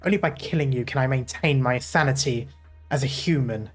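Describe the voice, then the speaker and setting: A man voicing a grim ship captain who is turning into a sea monster, with a gravelly, smoky voice and a slow, threatening delivery. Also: mid-range voice, faint music behind, close to an everyday voice. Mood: tormented, threatening.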